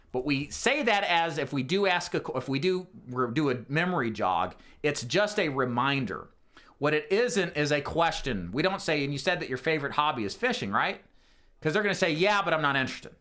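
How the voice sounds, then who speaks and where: A man's voice: medium pitch, a bit bright. A man teaching a sales phone script, explaining each step and acting out the sample lines he would say to a customer. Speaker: insurance sales trainer. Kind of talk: sales training walkthrough.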